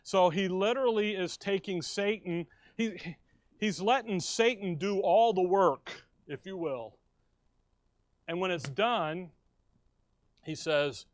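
A man's voice: high voice, slow pace, dry recording. An American man preaching a sermon in a conversational way, restarting phrases and stressing key words. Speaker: pastor. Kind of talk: expository sermon.

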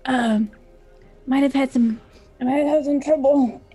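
A woman's voice: high voice, steady tone, warm tone, husky, faint music behind, voice pushed up. Woman doing a nervous young rogue. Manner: halting, nervous, whispery. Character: jittery young male rogue.

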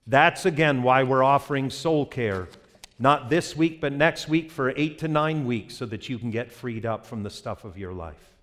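A man pastor giving an impassioned, animated sermon with vivid storytelling. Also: mid-range voice, moderate pace, hardly any pauses.

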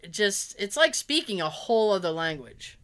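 A woman's voice: medium pitch, moderate pace. A woman chatting casually, telling funny stories, acting out what people said, laughing often and swearing freely. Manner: animated storyteller, acts out quotes, laughs often, swears. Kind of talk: casual chat.

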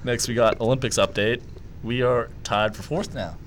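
A man's voice: medium pitch, fairly even intonation, moderate pace, background noise. A young man hosting a casual sports podcast, running the segments and laughing often with his co-hosts. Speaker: podcast host. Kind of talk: casual chat.

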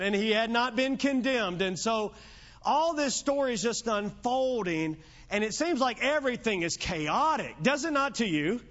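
Here a high-voiced man gives an evening sermon, putting the story into his own laid-back phrasing with plenty of jokes and conversational chatter. His intonation is lively and his tone fairly bright, at a moderate pace, and the audio is flat and low-quality, like a church tape.

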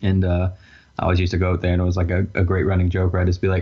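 A man co-hosting a casual sports podcast with a husky voice and dry, deadpan jokes. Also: sits low, rapid-fire. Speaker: podcast co-host. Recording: dull lo-fi recording.

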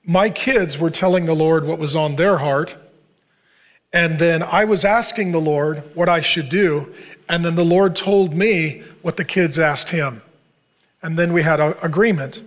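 A middle-aged pastor preaches in an earnest, conversational way, speaking to a men's group. He has a slightly higher-pitched voice and tells a personal story in a plain, down-to-earth manner. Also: unhurried.

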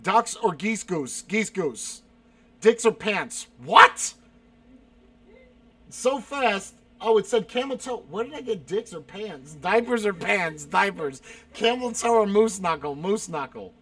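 Reading viewers' questions aloud at a measured pace, this South Carolina man responds with blunt, profane one-word answers and exasperated outbursts. His voice is high with lively intonation, recorded with no room sound during a casual stream chat.

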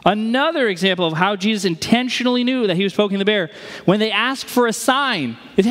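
A man's voice: sits high, animated, quick pace, fairly bright tone, big-room sound. A man preaching a sermon in a conversational way, posing rhetorical questions to his listeners. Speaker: pastor.

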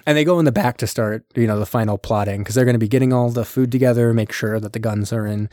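A man's voice: medium pitch, no echo. Guy recapping a film plot, does little character voices, dry close sound. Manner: animated retelling, slipping into quick character voices. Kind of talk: casual film recap chat.

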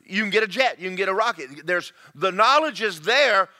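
A man preaching a sermon to a congregation, swinging between loud shouts and quiet, confiding asides. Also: high-pitched, expressive, brisk.

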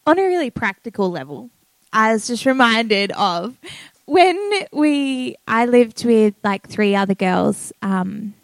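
Young woman rambling through a story, loads of likes and ums, kinda high voice, dry close sound. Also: lively intonation, takes it slowly, gravelly, no room sound. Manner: chatty, many fillers like "like" and "um". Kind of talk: casual anecdote.

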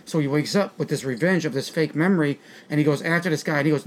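A man's voice: on the high side, quick pace, a bit bright, a little hiss or hum. A man in a casual movie discussion, rambling with crude jokes and bursts of laughter.

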